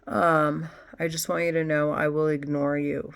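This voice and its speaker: A woman vlogging alone, rambling in a halting way with sighs and nervous laughs. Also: deep voice, little pitch movement. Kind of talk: rambling monologue to camera.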